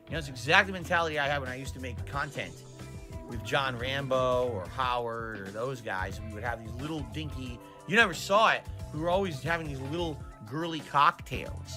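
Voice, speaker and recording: A streamer gives casual commentary while playing a video game, sarcastic and profane, often reading the game's lines aloud in mocking voices. His medium-pitched voice moves fairly quickly over background music.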